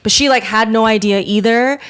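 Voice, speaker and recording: A woman's voice: fairly high pitch, fairly quick, a bit bright, clean tone. A young adult woman hosting a podcast, telling a long story in casual chat, full of fillers. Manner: rambling storyteller, filler-heavy with many "like"s. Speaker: podcast host.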